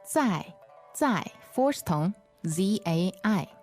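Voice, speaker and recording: A woman teaching a language lesson, repeating phrases slowly and patiently. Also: medium pitch, lively intonation, a little mellow, faint music behind.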